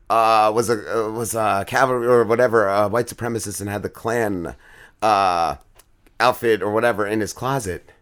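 A man's voice: fairly low pitch, normal speed, smooth. Profane, rambling podcast co-host man. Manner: profane, rambling, excitedly retelling a TV episode. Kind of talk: casual chat.

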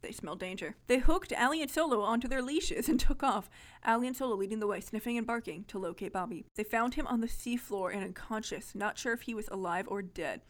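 A woman's voice: on the high side, brisk. Giggly woman reading an old story aloud. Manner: giggly, amused asides between read-aloud passages. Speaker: podcast co-host. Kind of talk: reading a childhood story aloud with joking commentary.

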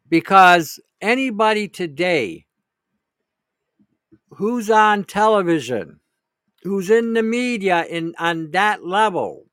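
A man's voice: high voice, a bit bright, no room sound, studio quality. A man hosting a show, talking in a blunt, rambling, opinionated way and answering a listener's question. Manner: blunt, rambling, emphatic with profanity. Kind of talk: casual opinionated monologue.

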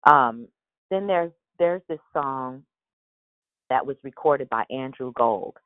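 A woman's voice: very deep voice, animated, slow, no echo, phone-quality sound. A woman hosting a daily prayer call in a casual, rambling way, with a morning voice. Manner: chatty and rambling, with many restarts and fillers. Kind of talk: casual devotional talk.

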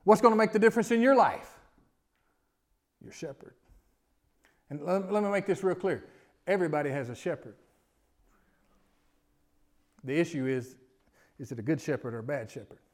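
High-voiced pastor preaching. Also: male voice, moderate pace, pauses often. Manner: preaching with wide swings from loud emphasis to quiet asides; repetitive, building lists of rhetorical questions. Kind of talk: sermon.

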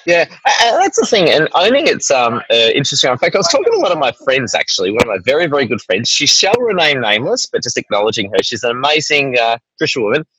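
A man's voice: mid-range voice, big pitch swings, fast, hardly any pauses, a bit bright, slight background noise, poor audio. An Australian man chatting as an interview guest, rambling and often tagging his points with "right?". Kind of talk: casual interview chat.

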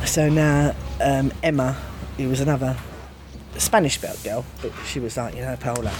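A woman telling a prison story in casual chat, animated and swearing, often laughing and jumping high in pitch when she acts out what was said. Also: moderate pace. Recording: noisy background.

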